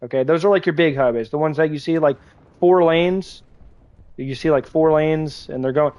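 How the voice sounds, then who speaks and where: A man's voice: on the high side, moderate pace, darkish tone, dry recording, muffled recording. A man streaming a game, chatting casually and rambling, full of "like" and restarts. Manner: rambling, heavy use of "like", many restarts. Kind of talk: casual chat while gaming.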